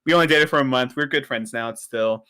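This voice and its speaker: A young man, a guest on a casual chat stream, talking in an animated, expressive way. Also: medium pitch, smooth, dry recording, clean studio sound. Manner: animated and expressive, quick to laugh.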